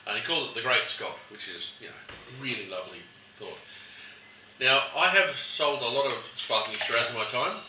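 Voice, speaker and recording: In an echoey room with a distant mic and background noise, a man with a mid-range voice talks briskly and animatedly. He presents a casual wine tasting in a shop as a chatty storyteller, acting out customers.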